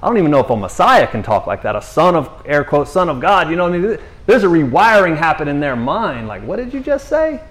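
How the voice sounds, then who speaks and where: A man giving a casual, conversational sermon, slangy and full of restarts. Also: fairly high pitch. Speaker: preacher.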